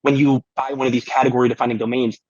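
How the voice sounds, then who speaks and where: A man with a husky voice speaks over a dull, lo-fi video call. He chats eagerly about the point he is making, and often stops to restart a sentence. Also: medium pitch, level tone, very fast, a little mellow, no room sound. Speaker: podcast co-host. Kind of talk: casual chat.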